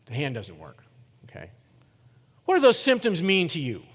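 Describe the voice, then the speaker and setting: A middle-aged man giving a keynote talk, telling a story in a lively way and putting questions to the audience. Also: a little high, moderate pace. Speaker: keynote speaker. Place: conference hall. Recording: reverberant conference hall.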